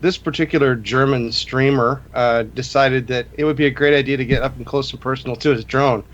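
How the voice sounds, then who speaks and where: Male host, casual stream chat, mid-pitched, unhurried with filler words. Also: dull audio. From USA. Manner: relaxed, hesitant with fillers. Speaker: host of a live drone show.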